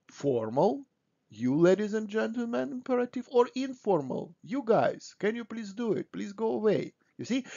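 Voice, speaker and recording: A man's voice: on the high side, mellow. Man teaching German grammar, dull lo-fi sound. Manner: patient, repeats "no?" to check understanding. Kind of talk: explaining grammar to learners.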